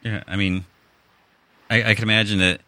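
A man's voice: fairly low pitch, flat delivery, moderate pace, sharp tone, no echo. A man with a Chicago accent, hosting a casual podcast chat and rambling through restarts and fillers. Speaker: podcast host.

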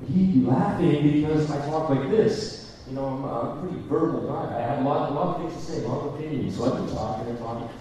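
A man telling stories on a convention panel in a chatty, animated way, with lots of filler words. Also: mid-range voice, quick pace, hardly any pauses, a little hiss or hum. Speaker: panel guest actor. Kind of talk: casual convention panel talk. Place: large echoey hall. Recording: echoey hall, mic from far off.

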